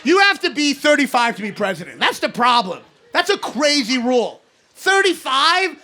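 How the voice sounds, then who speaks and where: Onstage at a comedy club, a Kentucky man in his thirties delivers an animated, sarcastic stand-up set, swinging from loud rants to mutters in a very high-pitched voice at a moderate pace. It's a live club recording through a handheld stage mic, with audience noise and laughter.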